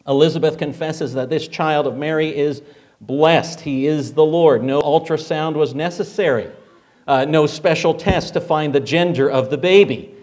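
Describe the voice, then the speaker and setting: Brief: male preacher, fairly high voice, chatty sermon delivery with rhetorical questions. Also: moderate pace, darkish tone. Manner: conversational, rhetorical questions, frequent fillers.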